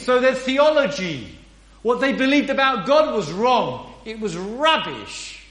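A man's voice: extremely high pitch, sing-song, unhurried, a bit bright. A man preaching a sermon in an earnest, emphatic way, often asking rhetorical questions. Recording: roomy echo.

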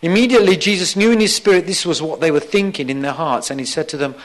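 A man's voice: fast talker, few pauses. A man preaching a sermon, emphatic and repeating key phrases for weight. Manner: acts out quoted lines in a softer, lower voice.

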